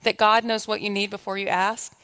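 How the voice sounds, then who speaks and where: A woman preaches a sermon in a church sanctuary in a smooth, fairly bright, medium-pitched voice that is brisk and level in tone. She tells stories animatedly and acts out her own dialogue with God. The recording has long hall reverb.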